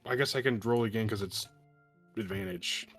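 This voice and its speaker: A man's voice: lowish voice, moderate pace, dry recording. A man playing a tabletop role-playing game, chatting casually, laughing often and cutting himself off. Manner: laughing, self-interrupting, swears. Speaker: tabletop player. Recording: faint music behind.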